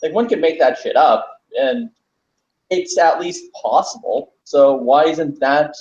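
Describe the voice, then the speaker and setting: A man's voice: on the high side, lively intonation, unhurried, a little mellow, reverberant, highs cut off. A man in a casual podcast chat, reasoning his way through an argument and questioning the other side's logic. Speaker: podcast guest.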